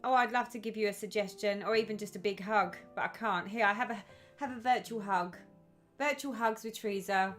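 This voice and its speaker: A woman's voice: medium pitch, fairly quick, fairly bright tone, soft background music. A woman hosting a casual live stream, chatting and reading out viewers' comments with effusive sympathy.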